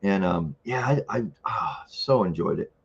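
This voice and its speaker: An older man hosting a casual live-stream chat, rambling and chuckling, often clearing his throat. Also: low-pitched, lively intonation, unhurried, dull audio. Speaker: livestream host.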